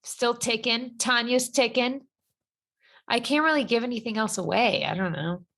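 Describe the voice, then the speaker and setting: A woman's voice: a little high, moderate pace, gravelly, fairly bright tone. A woman co-hosting a podcast, chatting casually and rambling with lots of "like" fillers. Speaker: podcast co-host. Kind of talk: casual chat.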